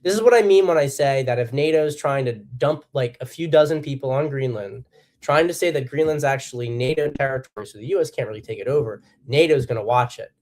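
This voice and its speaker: Guy ranting solo about politics, blunt and sweary, mid-pitched voice. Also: fairly quick, a little mellow. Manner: blunt and profane, with emphatic bursts; acts out quotes in a harsh voice. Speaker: political commentary host.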